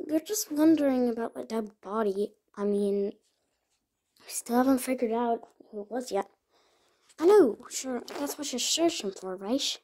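Woman doing all the horse voices in a toy mystery, slow and a bit high, whispers some lines. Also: mellow. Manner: switches between chatty, whispered and accusing character voices. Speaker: toy horse role-play creator.

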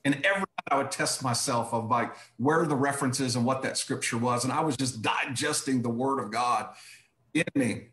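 A man's voice: mid-range voice, moderate pace, a bit bright, reverberant. A man telling his personal testimony as a guest, emphatic and repetitive, often saying "I said".

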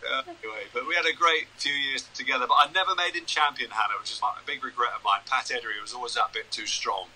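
A man's voice: medium pitch, fairly even intonation, fast, few pauses, pushed and bright, poor audio. A man in his sixties, a broadcaster and journalist, chatting anecdotally over a video call. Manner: chatty, anecdotal, self-deprecating. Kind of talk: casual interview chat.

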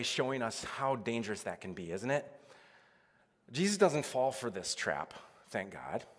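A man preaches a relaxed, talky sermon. He peppers it with "like" and plays out little conversations. His voice rings through a church sanctuary with a long echo. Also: medium pitch. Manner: casual, chatty preaching with many "like"s and acted-out quotes. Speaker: pastor.

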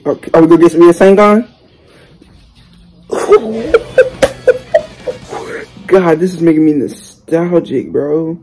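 A young man hosting a reaction video, talking casually and excitedly in slang, exclaiming and chatting as he watches. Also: a little high, creaky, rough recording. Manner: exclamatory, slangy, keeps saying "bro".

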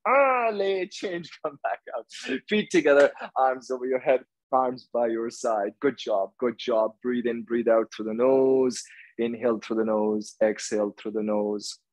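A man teaches a hot yoga class in a studio, calling out postures in short, firm commands. He counts the holds out loud in a steady rhythm. His voice sits at an ordinary middle pitch. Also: rough recording.

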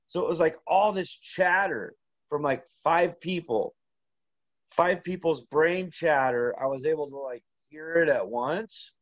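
A man telling a long, rambling story as an interview guest, halting and full of restarts. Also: on the high side, no echo, lo-fi sound. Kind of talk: casual storytelling.

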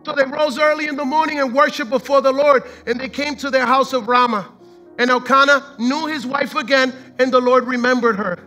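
A man preaching with a very high, bright, ringing voice, switching from fervent shouts to quiet, close scripture reading. He talks with casual slang as he drives each point home, while soft music sits faintly behind him. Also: steady tone, fairly quick, rough recording. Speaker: pastor. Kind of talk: sermon.

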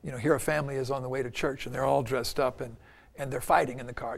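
A man's voice: mid-range voice, quick pace. An older man, a minister and guest, talking earnestly in a casual spiritual discussion. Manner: earnest, acts out quoted people in lively bursts; gravelly voice.

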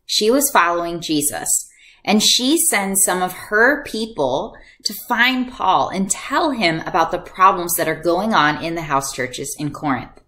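Animated woman teaching a kids' Bible lesson. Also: fairly low pitch, a little slow. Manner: animated, acts out voices for kids. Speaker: children's ministry teacher. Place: church video lesson.

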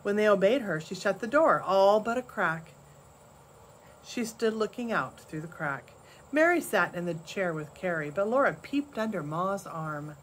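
An older woman, a grandmother, reading a storybook chapter aloud in a soft, measured way. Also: medium pitch, expressive, slight background noise.

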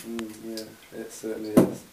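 A man's voice: lowish voice, completely flat delivery, moderate pace, gravelly, mellow, soft background music. A man playing a bemused customer in an amateur comedy sketch. He talks in a hesitant way and stammers over his words. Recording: roomy, distant camera mic, faint noise.

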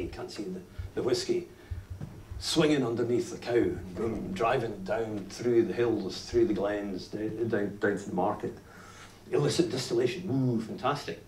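A Glaswegian man in his fifties, speaking with a Scottish accent, gives a lively talk about whisky to a live audience, telling stories and repeating "you know". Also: mid-range voice. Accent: Scottish (Glasgow). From Scotland (Glasgow). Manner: animated storyteller, lots of "you know", frequent restarts. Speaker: whisky writer giving a talk. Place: indoor venue at a tasting event. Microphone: filmed by a distant camera in the audience. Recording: roomy, distant camera audio, faint noise.

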